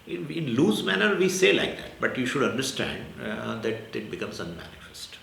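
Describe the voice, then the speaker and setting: A man's voice: medium pitch, big pitch swings, normal speed, gravelly, a bit bright. A man with an Indian English accent giving a spiritual discourse as a Vedanta teacher, explaining in short repeated phrases with Sanskrit terms. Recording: echoey room with faint ambient noise.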